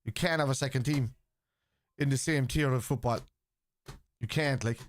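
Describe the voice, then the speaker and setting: An Irish man hosting a live football watchalong, bluntly arguing with his chat, swearing freely and shouting at chances. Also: mid-range voice, moderate pace, slight background noise. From Ireland.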